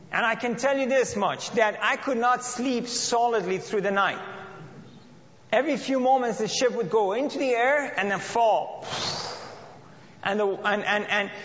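High-voiced man preaching in an echoing hall. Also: a bit bright. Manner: earnest, repeats and restarts phrases. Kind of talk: sermon with scripture reading. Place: church. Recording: dull lo-fi audio in a reverberant hall.

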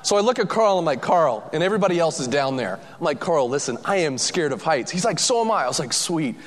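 A man telling a lively, self-mocking personal story to an audience, acting out the voices of the people in it. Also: fairly high pitch, fast talker, big-room sound.

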